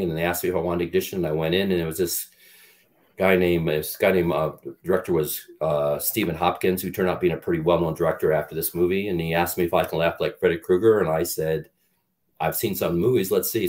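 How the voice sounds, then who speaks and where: A middle-aged man, a guest on an interview show, telling rambling, profane stories and acting out what others said. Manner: animated storyteller, acts out quotes in a louder, higher voice. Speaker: guest, actor and former football player. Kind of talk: storytelling in an interview.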